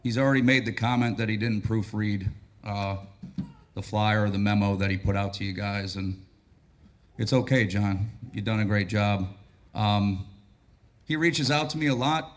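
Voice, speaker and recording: A battalion chief of training with a raspy, hoarse voice, giving a relaxed, joking and grateful speech at a graduation ceremony. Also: male voice, fairly low pitch, moderate pace. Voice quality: raspy, losing his voice.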